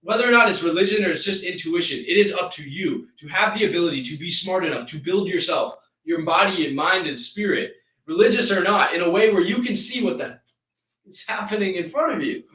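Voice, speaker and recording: Man, intense motivational rant, slightly high voice, echoey room, a bit off the mic. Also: brisk, bright, forceful tone, distant mic. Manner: intense, preachy, rambling with restarts. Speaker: live stream host. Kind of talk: motivational live-stream rant.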